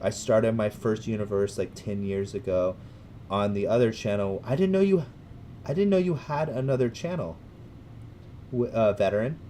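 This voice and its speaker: A man with a Californian American accent chatting casually with his livestream viewers, rambling and hesitant with many restarts, breaking into loud cheerful greetings. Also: lowish voice, moderate pace, slight background noise. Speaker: gaming livestreamer.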